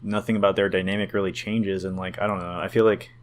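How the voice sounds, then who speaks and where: A man's voice: sits low, little pitch movement, fast. A man co-hosting a casual podcast about tabletop games, easygoing and tentative, with frequent ums and likes. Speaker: podcast co-host.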